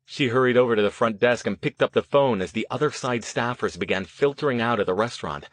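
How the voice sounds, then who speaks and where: A man reading an audiobook in measured scripted narration. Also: mid-range voice, no room sound.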